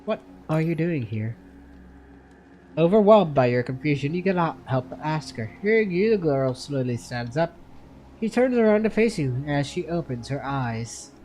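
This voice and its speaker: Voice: medium pitch, animated, moderate pace, darkish tone, a little hiss or hum. A gaming content creator reading a game's story text aloud in second-person narration, often tripping over words and correcting themselves, with faint music behind. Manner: reads narration aloud with frequent stumbles and self-corrections.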